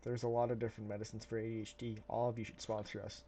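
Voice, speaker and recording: A man's voice: fairly low pitch, little pitch movement, rapid-fire, dark tone. A man co-hosting a podcast in casual chat, teasing his friend with dry humor and casual swearing. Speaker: podcast co-host. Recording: slightly dull lo-fi audio.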